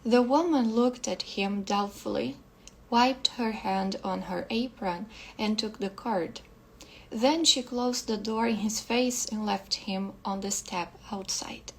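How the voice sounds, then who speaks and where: A woman English teacher reading a short story aloud slowly and carefully, sometimes restarting a phrase. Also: mid-range voice, creaky, a little hiss or hum, rough recording.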